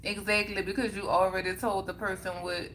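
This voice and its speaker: A woman's voice: medium pitch, little pitch movement, a little fast, fairly bright tone, slight background noise. A young woman chatting casually on a livestream, answering viewer comments and repeating her points for emphasis. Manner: emphatic and repetitive, circling back on points. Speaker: livestream host.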